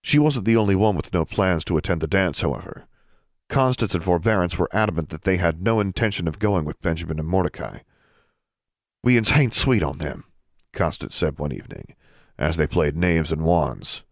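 A man reading an audiobook in steady, measured narration. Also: deep voice, dry recording, clean studio sound. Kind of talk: scripted narration.

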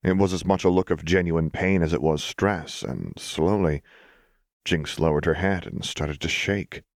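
A man reading a story aloud in calm, measured, scripted narration. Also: sits low, no room sound, clean studio sound. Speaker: audiobook reader.

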